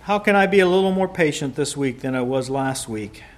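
A man preaching a sermon, rising to loud emphatic peaks and dropping to quiet, soft passages. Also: a little high, animated, fairly quick.

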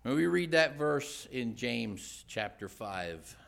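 Guy preaching in church, earnest, gets loud on questions then drops real quiet. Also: medium pitch, sing-song, takes it slowly, gravelly. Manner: earnest, swings between loud rhetorical questions and hushed storytelling. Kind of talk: sermon.

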